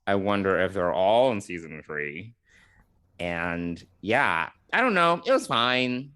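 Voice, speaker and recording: Blunt guy on a podcast, kinda low voice, wry, chatty. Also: big pitch swings, slow pace, sharp tone. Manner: blunt, wry, laughs mid-sentence. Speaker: podcast co-host. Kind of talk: casual chat.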